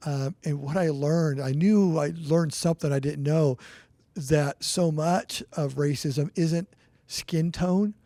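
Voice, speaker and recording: Earnest storytelling man, mellow voice. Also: a little high, slow, no echo. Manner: rambling, restarts, earnest storytelling. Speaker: podcast co-host. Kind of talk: casual storytelling chat.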